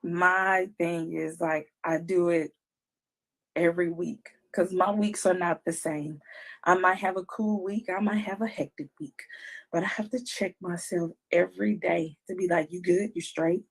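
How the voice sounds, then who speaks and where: A woman's voice: fairly low pitch, measured pace, creaky. Candid casual woman co-host. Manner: candid, animated, acts out her own self-talk. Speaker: podcast co-host. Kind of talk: casual chat.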